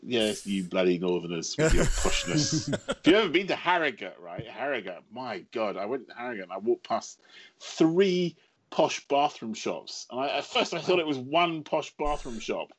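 A middle-aged English writer chats casually as a podcast guest. He mocks himself and laughs often. His voice swings widely in pitch as he gets caught up in his anecdotes. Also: normal speed. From England. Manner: animated, self-mocking, laughs often.

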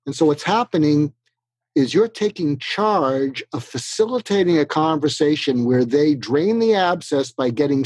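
A man giving animated, practical advice in an interview, acting out both sides of sample conversations. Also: on the high side, husky, no room sound. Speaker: guest expert.

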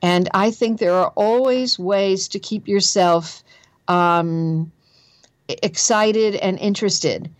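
A woman's voice: mid-range voice, takes it slowly, no room sound. Earnest woman with a Jersey accent. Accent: New Jersey. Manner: earnest, emphatic, repeats phrases for stress. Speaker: guest author on careers. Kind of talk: conversational interview.

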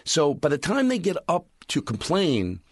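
A man in a close-miked podcast chat, recounting comedy club stories with animated energy. He talks plainly, then works up into loud, ranting bits when he acts out his anger. The sound is dry and close. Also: fairly high pitch, normal speed, dry recording. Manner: animated storyteller, rants loudly when acting out anger. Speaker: stand-up comedian telling stories.

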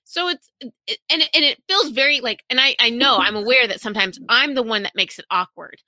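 A woman's voice: fairly high pitch, brisk, no echo, poor audio. A woman with a Southern American accent, chatting casually as a guest and acting out bits of dialogue. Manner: animated, acts out quoted dialogue. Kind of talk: casual chat.

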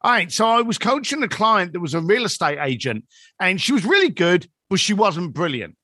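A man in his fifties, guesting on a podcast, tells stories in a high, bright voice at a fairly quick pace. He's animated, swinging his pitch widely to act out quoted dialogue. The recording is close and dry.

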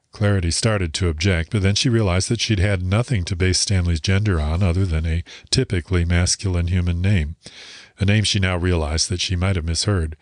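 A man narrates a short story in a calm, measured audiobook delivery. His voice sits very low. The recording is dry and close, with no room sound. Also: no echo.

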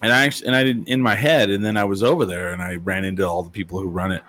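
A man's voice: low-pitched, fairly even intonation, quick pace, a bit bright, slight background noise. A man chatting casually, telling rambling stories full of fillers and acted-out quotes. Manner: rambling storyteller with many fillers and quoted voices. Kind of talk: casual chat.

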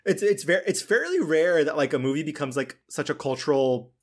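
A man's voice: a little high, animated. Rambling male podcast host. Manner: rambling, halting, casual swearing. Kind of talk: casual chat.

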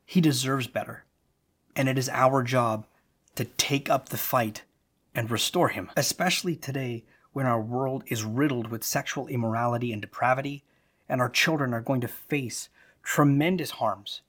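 A man's voice: medium pitch, a bit bright. Earnest man hosting a devotional podcast. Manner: earnest, exhortative, measured. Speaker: podcast host. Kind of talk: devotional podcast talk and prayer.

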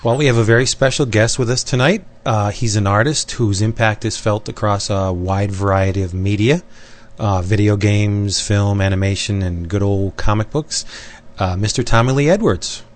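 A man's voice: lowish voice, moderate pace. A man co-hosting a podcast, chatting casually with dry, offhand jokes and introducing a guest. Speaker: podcast co-host.

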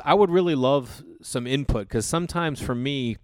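A man's voice: a little high, lively intonation, a little fast, darkish tone, no room sound, studio quality. A man hosting his own podcast, telling work stories in a rambling, casual way with swearing and lots of fillers. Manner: rambling, profane, frequent fillers and restarts. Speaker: podcast host. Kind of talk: casual solo storytelling.

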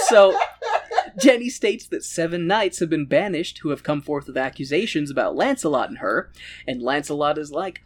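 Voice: medium pitch, lively intonation, moderate pace. A podcast host recapping a film in casual chat, crude and sarcastic.

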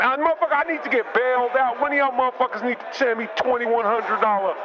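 Man putting on a cursing jailed basketball star, very high voice, prank call comedy bit, muffled phone line, loud noise behind. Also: lightly acted. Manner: profane, blustering, rambling.

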